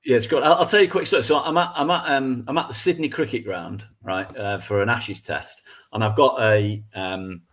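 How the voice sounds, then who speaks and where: A man co-hosting a football fan podcast, telling excitable stories with laughter. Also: medium pitch, fairly quick. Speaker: podcast co-host. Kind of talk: casual chat, storytelling.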